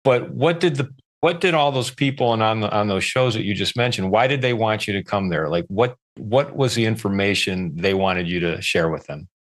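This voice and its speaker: A man's voice: on the low side, normal speed. A man hosting a podcast, asking probing follow-up questions and restarting them as he goes. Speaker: podcast host. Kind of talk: interview questions.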